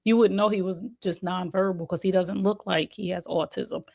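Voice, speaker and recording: Her voice is fairly low and gravelly, moving at a moderate pace. A mother and autism advocate with a New Jersey accent, she tells animated stories in a casual interview, performing what others said.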